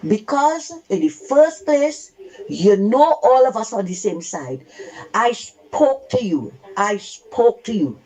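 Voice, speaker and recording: A woman's voice: medium pitch, very animated, takes it slowly, mellow, low-quality recording. A woman calling in to a radio talk show, speaking indignantly and emphatically and repeating her points. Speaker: radio caller.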